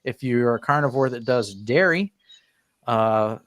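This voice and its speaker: A man's voice: mid-range voice, unhurried, fairly bright tone. A middle-aged man hosting a casual online panel chat, reading viewer comments aloud and rambling through his answers.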